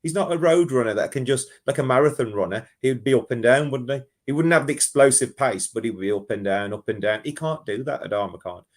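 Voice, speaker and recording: A man calling in to a football phone-in, talking in an animated, rambling way and often restarting his sentences. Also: mid-range voice, fast, few pauses. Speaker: caller. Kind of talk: casual football phone-in chat.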